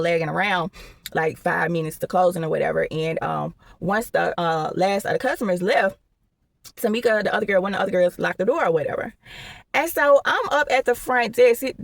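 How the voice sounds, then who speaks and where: A woman's voice: mid-range voice, dry recording. A young woman tells a casual storytime, rambling along and tossing in "or whatever" asides.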